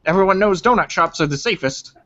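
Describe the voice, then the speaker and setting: A man's voice: sits high, lively intonation, fast talker, a bit bright, pitched above the performer's own voice. A man playing a brash fifty-year-old guy. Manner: brash, bossy. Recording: dull lo-fi sound.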